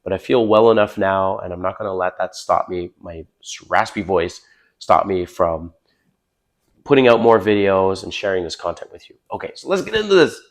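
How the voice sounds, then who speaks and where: An older man with a low, raspy voice that is still hoarse from being sick. He talks straight to the camera in a casual, blunt way, handing out dating advice with the odd swear word and a friendly "bro.". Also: expressive, moderate pace. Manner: blunt, chatty, swears, addresses viewer as bro. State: hoarse after illness.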